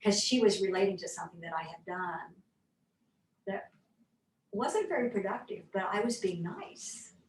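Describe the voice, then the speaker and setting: A woman reflecting in a thoughtful, halting conversational way, sometimes dropping to soft near-whispers. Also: mid-range voice, lively intonation. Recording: echoey room, mic at a distance, faint noise.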